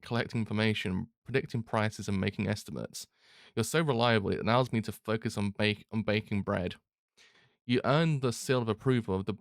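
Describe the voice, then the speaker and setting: A man's voice: lowish voice, gravelly, no room sound, clean studio sound. A man reading aloud a kindly middle-aged male baker, in a plain read-aloud delivery.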